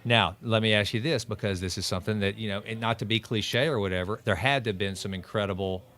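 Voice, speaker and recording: A man's voice: on the low side, steady tone, fast talker, a bit bright. A man hosting a podcast, enthusiastic and rambling as he asks questions. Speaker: podcast host. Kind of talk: podcast interview.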